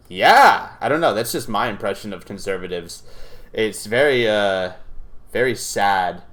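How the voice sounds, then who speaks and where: A man's voice: low-pitched, fairly bright tone. A young man hosting a reaction video, ranting casually in a profane, rambling way full of fillers and restarts.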